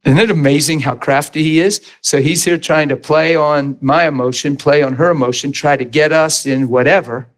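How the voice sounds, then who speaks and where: A man's voice: fairly high pitch, steady tone, moderate pace, few pauses. A middle-aged man preaching a fervent, emphatic sermon testimony as pastor, laughing between points.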